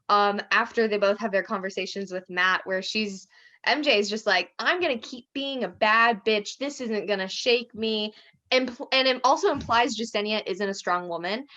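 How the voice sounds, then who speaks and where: Bright-voiced young woman, lo-fi recording. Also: medium pitch. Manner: animated, quotes people in mimicking voices, laughs often. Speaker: podcast co-host. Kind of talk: casual chat. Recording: dull lo-fi sound.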